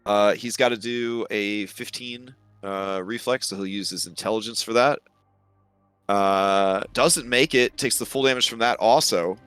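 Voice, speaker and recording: A man's voice: fairly low pitch, unhurried, a bit bright, smooth, dry recording, faint music behind. Young man running a tabletop game. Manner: hesitant, filler-heavy, chuckling. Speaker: game master.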